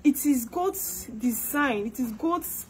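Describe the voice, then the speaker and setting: Pleading Nigerian woman, high voice. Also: animated, slow pace, a little mellow. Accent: Nigerian, Igbo-inflected English. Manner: pleading, begging, repeating herself; mixes English with Igbo. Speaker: skit performer. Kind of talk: comedic skit monologue.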